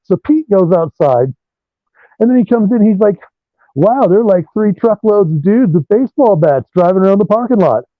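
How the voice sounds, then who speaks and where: A man, a rock guitarist being interviewed over a remote call, telling animated stories and swearing freely. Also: high-pitched, normal speed, no room sound. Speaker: guitarist guest. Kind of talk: profane storytelling interview. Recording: dull lo-fi dry sound.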